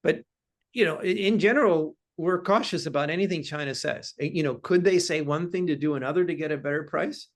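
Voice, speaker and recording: A man's voice: on the high side, brisk. A man speaking as a guest in an interview about markets, analytical and cautious in how he talks. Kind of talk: interview conversation.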